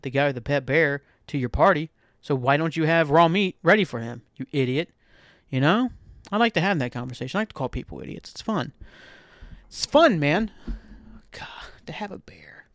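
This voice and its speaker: Young guy rambling on his podcast, kinda high voice, swears a lot, dry close mic. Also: no room sound. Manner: rambling, profane, laughs often. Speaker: podcast host. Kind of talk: casual solo monologue.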